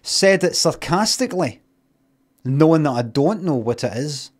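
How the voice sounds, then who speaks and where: A man's voice: on the high side, normal speed. A man with a Scottish accent telling a casual story on a stream. He mocks himself and argues back at himself as he talks. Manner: animated, self-mocking, argues with himself.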